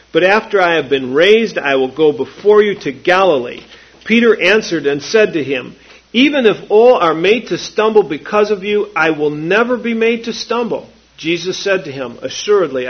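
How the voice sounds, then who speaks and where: A man preaching a sermon, slow and emphatic, repeating key phrases for weight. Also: sits high, husky. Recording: dull lo-fi recording.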